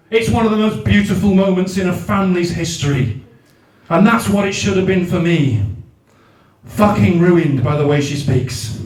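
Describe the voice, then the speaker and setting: High, exasperated swearing comic. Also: male voice. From South Wales. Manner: exasperated ranting, heavy swearing. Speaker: stand-up comedian. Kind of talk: stand-up comedy set. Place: large function room at a comedy night. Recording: roomy live venue, mic at a distance.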